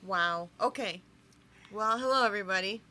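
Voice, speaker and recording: Bright-voiced gushing woman co-host. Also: medium pitch, normal speed. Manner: emotional, gushing. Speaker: co-host guest. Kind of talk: casual reaction chat.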